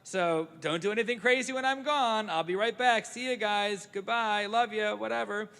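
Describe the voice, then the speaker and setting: A man doing a breezy, high-pitched Moses. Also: moderate pace, vocal fry, sharp tone, smooth, heavily acted. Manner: breezy, offhand, upbeat. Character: frazzled, casual male prophet Moses. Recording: echoey sanctuary.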